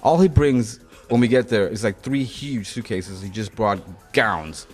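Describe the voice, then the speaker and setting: A middle-aged man, a guest DJ in a casual chat, telling stories quickly and acting out the voices in them. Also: lowish voice, expressive, soft background music. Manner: rapid storytelling, acts out quotes.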